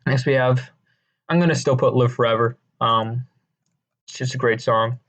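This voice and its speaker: Rambling deadpan man on a lo-fi mic. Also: medium pitch, normal speed. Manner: rambling, deadpan, crude jokes, many fillers and restarts. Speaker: video creator ranking songs. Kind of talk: casual comedic commentary.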